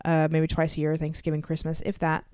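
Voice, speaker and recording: A woman's voice: low-pitched, monotone, brisk, darkish tone, smooth, dry recording, studio quality. A young woman from Texas, co-hosting a podcast, chatting casually and telling stories with lots of fillers and frequent laughter. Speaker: podcast co-host. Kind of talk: casual chat.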